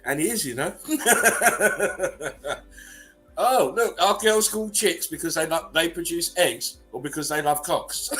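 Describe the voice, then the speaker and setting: A man's voice: on the high side, animated, unhurried, a bit bright, soft background music. A man casually reading memes aloud as host, laughing often between them.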